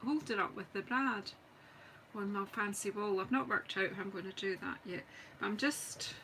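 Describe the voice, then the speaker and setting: Speaking at a moderate pace with a medium-pitched, pushed and bright voice, a middle-aged Scottish woman leads a live-streamed card-making demo. She chats casually while she works and pokes fun at herself. The recording is rough, with slight background noise.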